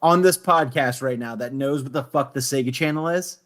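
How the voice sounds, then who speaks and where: A man's voice: medium pitch, normal speed, fairly bright tone. A man co-hosting a podcast, talking emphatically and swearing freely, who reads facts aloud to the others. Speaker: podcast co-host. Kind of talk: casual podcast chat.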